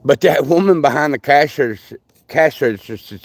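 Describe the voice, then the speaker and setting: A man's voice: medium pitch, fairly quick, no room sound. An older man, rambling through folksy stories while chatting with viewers on a livestream. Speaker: livestream host. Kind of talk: casual live chat with viewers.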